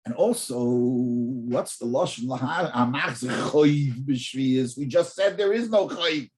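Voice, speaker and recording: Rabbi giving a Talmud class, pitch leaps around a lot, stammers words while thinking. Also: male voice, slow pace. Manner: animated, repeats words while thinking, poses rhetorical questions. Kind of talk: in-depth Torah class.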